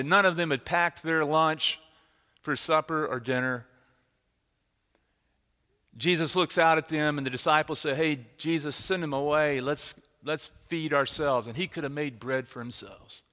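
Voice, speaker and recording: A man preaching a sermon as pastor, telling stories with dramatic swings from loud to hushed. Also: on the high side. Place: church sanctuary. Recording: reverberant church hall.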